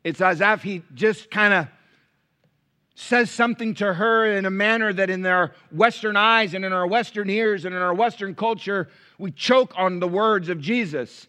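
Bright high-pitched man preaching. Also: normal speed. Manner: animated preaching with rhetorical questions, dropping to quiet asides. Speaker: pastor. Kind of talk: sermon.

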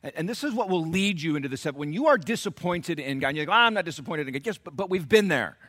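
A middle-aged man preaching with a bright, forward tone and a pitch that leaps all over. He shifts from quiet, low asides to loud, high-pitched outbursts, acting out the people in the story. A dramatic pulpit delivery. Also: animated, fast talker. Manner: acts out the voices of the people in the text. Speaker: pastor. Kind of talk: sermon.

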